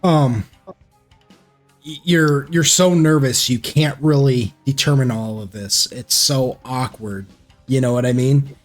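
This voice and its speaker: A man's voice: medium pitch, slow. A man narrating as game master of a tabletop game, hesitant and full of fillers, voicing characters in quotes. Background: background music.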